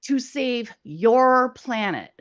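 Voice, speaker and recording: Gentle alien visitor, female, mild and a little high-pitched, put on by a woman guest, lo-fi audio. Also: lively intonation, extremely slow. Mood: earnest.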